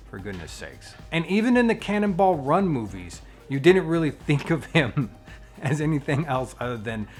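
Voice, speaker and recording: A man hosting his own vlog, chatting casually in a playful, animated way and joking about his strong opinions. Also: medium pitch. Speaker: vlogger and channel host.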